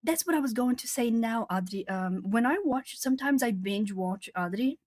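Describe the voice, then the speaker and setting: A woman's voice: on the high side, animated, normal speed, a little mellow, no room sound. A young woman chatting casually with viewers and reading their comments aloud; she laughs often and repeats or restarts words. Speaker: art channel host.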